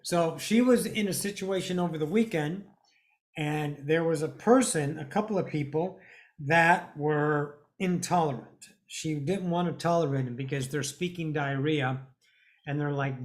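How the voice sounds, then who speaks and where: A woman giving a spiritual monologue, blunt and preachy, swearing freely and stretching out words for emphasis. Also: deep voice. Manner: emphatic, drawn-out stresses. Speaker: spiritual teacher.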